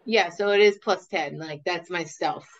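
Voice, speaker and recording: A woman's voice: lowish voice, normal speed, a crowd in the background. Hesitant woman player on dull, lo-fi audio. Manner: hesitant, unsure, chatty. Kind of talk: tabletop game play.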